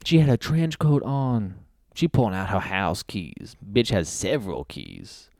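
A man's voice: lowish voice, sing-song, unhurried, a little mellow, no echo, studio quality. A man putting on the voice of a boastful homeless man who swaggers and brags in slang to his friends. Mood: bragging.

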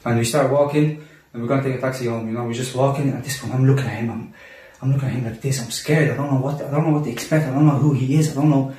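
Fast-talking young man, roomy and distant. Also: mid-range voice. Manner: animated, acts out quotes, many restarts. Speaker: guest telling a personal story. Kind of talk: casual storytelling among friends. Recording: roomy echo, distant mic.

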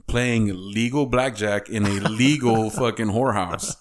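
A man's voice: on the low side, takes it slowly, background noise. A man co-hosting a casual chat, blunt and joking, swearing often.

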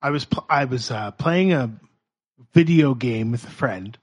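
A man co-hosting a podcast in a laid-back, halting casual chat. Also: medium pitch, animated, breathy edge. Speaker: podcast co-host.

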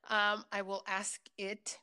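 A woman telling personal stories in a loose, casual chat, swearing freely and filling pauses with ums and likes. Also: mid-range voice, completely flat delivery, sharp tone, clear, resonant tone. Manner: filler-heavy, with frequent ums and likes.

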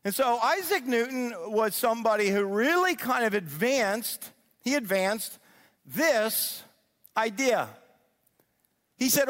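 A middle-aged man giving an animated sermon-style teaching, often checking in with his listeners. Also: high voice, normal speed. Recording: long reverb of a large hall.

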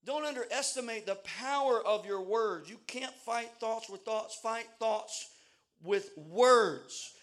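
A man preaching a sermon in a church service, shouting and building fervent repeated declarations, at times out of breath. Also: high-pitched, slow. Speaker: pastor.

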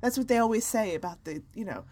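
A woman's voice: on the high side, lively intonation, fast, a little mellow, husky. A woman from the American South co-hosting a comedy podcast, joking and teasing in casual chat. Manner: joking, teasing, puts on voices. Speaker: podcast co-host.

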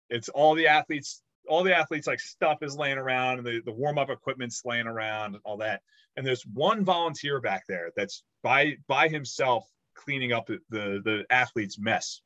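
Casting note: man in his thirties, bright forward voice, loose animated podcast chatter, dry close mic. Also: medium pitch, dry recording. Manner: rambling, animated storytelling with swearing. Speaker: podcast co-host. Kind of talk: casual chat.

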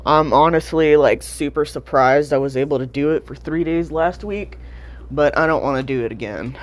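A woman's voice: sits low, moderate pace. A young woman telling a personal story to camera in a candid, rambling way, full of fillers and swearing. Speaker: vlogger. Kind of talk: casual storytime chat.

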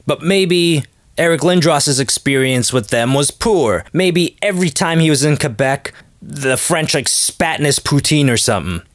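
A man's voice: fairly high pitch, animated, moderate pace, no echo, clean studio sound. A man hosting a podcast, rambling in a joking, casual monologue and acting out quotes in little voices. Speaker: podcast host.

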